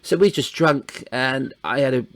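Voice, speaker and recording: Gravelly man reminiscing. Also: mid-range voice, normal speed, fairly bright tone. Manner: chatty, laughs often, reminiscing. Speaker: podcast host. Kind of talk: casual chat.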